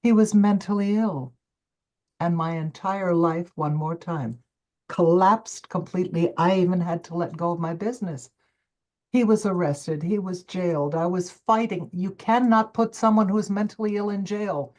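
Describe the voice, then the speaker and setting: An older woman speaks on a video call as a summit guest, a coach recounting her path with emphatic, expressive storytelling. Her voice sits somewhat low for a woman, and she acts out her own inner dialogue with dramatic turns. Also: normal speed. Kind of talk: personal storytelling interview.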